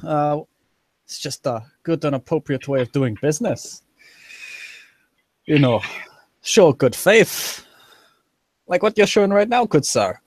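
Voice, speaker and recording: A man's voice: a little high, animated, measured pace, pauses often, no echo. A man voicing a courtly clan noble with a wandering put-on Scottish accent in tabletop role-play. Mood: wry.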